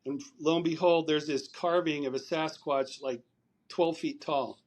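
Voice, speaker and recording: A man's voice: on the high side, fairly even intonation, unhurried. A man, a podcast guest, telling a long story over a remote call, rambling and repeating words as he recounts conversations.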